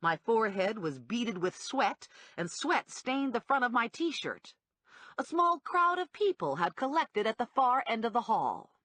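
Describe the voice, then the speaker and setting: Lively woman narrating an audiobook. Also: fairly high pitch, unhurried, no room sound. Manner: lively, wide-ranging delivery with acted character voices. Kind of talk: scripted first-person audiobook narration.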